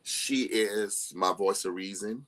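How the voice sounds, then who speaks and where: Guest: young man, low-pitched, chatty storyteller who laughs easily. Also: slow pace. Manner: animated storyteller who laughs often and acts out quoted people. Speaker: interview guest. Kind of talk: casual live-stream chat.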